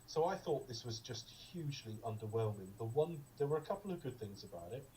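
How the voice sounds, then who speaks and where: A man's voice: medium pitch, lively intonation, brisk, dark tone, recorded from a distance, slight background noise, low-quality recording. A man co-hosting a podcast, chatting casually about a film in a rambling, digressive way with lots of ums. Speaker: podcast co-host. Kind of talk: casual film review chat.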